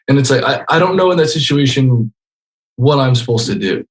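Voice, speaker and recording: Animated young man telling a story. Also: mid-range voice, fast. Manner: animated storyteller, frequent "like" fillers. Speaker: guest. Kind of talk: casual video-call conversation.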